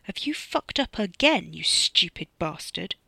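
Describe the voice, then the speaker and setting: A sneering, suspicious young man demands answers with quiet menace, as an author reading an audiobook voices him. The voice is forceful and bright, dry and close to the mic. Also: mid-range voice, big pitch swings, unhurried, gravelly, slightly rough, no echo, full character voice. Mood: menacing.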